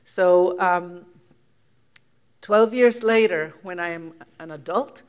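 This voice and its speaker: A woman's voice: on the low side, slow, clear, resonant tone, dull audio. An older woman from Puerto Rico giving a conversational lecture as a guest author, reflective, laughing often and restarting her sentences.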